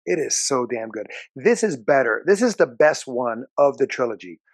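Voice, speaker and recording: A man's voice: medium pitch, sing-song, moderate pace, no room sound. A man co-hosting a casual movie review. He talks in a strong, opinionated and enthusiastic way and often restarts his sentences.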